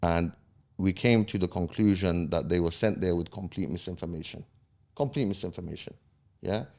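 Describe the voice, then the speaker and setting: A man talks as a podcast guest, his voice sitting on the low side. He tells his story heatedly in street slang. He keeps checking in with his listener. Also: normal speed, vocal fry, darkish tone. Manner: street slang, checks in with "yeah?" after each point; heated, emphatic retelling. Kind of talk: casual storytelling interview.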